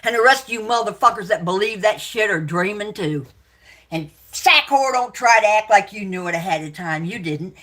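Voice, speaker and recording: A woman on a livestream, angrily ranting at her viewers, swearing and accusing, shouting out names, then muttering to herself between outbursts. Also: mid-range voice, expressive, normal speed. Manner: profane, accusing, shouting and yelling. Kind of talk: angry livestream rant at viewers.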